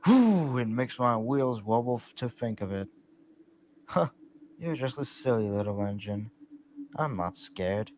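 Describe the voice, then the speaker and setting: A young amateur voicing several fan-film characters, talking trains and farm folk, in a plain, unpolished way with slow, drawn-out lines. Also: medium pitch, expressive, close to an everyday voice. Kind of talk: hobby fan-film voice acting. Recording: noisy old fan-film soundtrack.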